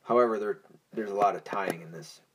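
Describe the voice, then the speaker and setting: A man's voice: lowish voice, a little fast, background noise. A young man hosting a podcast in a casual, profane, rambling monologue, stoned and easily distracted. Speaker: podcast host.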